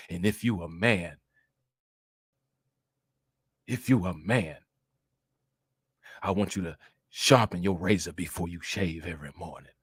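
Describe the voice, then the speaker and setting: A man putting on a smug male streamer's voice, dropping much lower and quieter than usual. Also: slightly rough, dry recording, full character voice.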